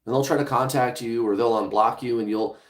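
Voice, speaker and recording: A man's voice: mid-range voice, fairly even intonation, brisk, echoey room. A man hosting a livestream as a relationship coach, speaking bluntly and casually, with some swearing, straight to his viewers.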